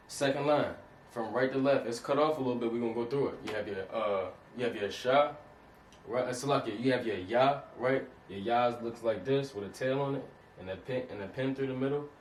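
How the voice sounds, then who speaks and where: A man giving a casual lesson, often repeating himself and checking in with his listeners. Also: medium pitch. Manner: repeats points, checks in with "okay?" and "you understand that?". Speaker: teacher. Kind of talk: casual instructional talk. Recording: echoey room, distant mic, faint hiss.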